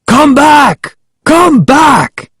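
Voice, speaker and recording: A man reading a storybook who voices a stern adult man, shouting and then out of breath and insistent. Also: medium pitch, expressive, takes it slowly, breathy edge, no room sound, studio quality, full character voice. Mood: furious. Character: stern angry adult man, panting after a chase.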